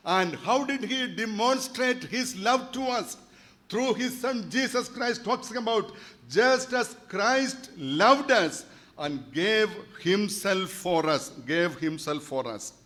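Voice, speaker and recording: A man's voice: high voice, fairly bright tone. A man, preaching a church sermon earnestly and repeating key phrases for emphasis. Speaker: pastor.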